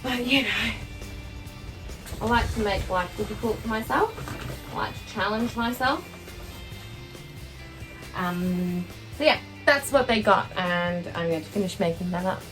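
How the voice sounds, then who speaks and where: A woman's voice: medium pitch, a little slow, long pauses. Chatty Australian woman vlogging to camera. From Western Australia. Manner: chatty and rambling, many ums and likes. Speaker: horse-owning vlogger. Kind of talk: casual vlog chat to camera. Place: inside a horse float during rain. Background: background music.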